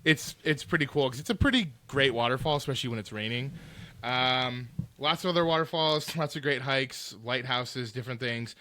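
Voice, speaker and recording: Speaking at normal speed in a mid-range voice, this podcast co-host chats casually with animated energy. His stories wander, and he leans heavily on "like" as a filler.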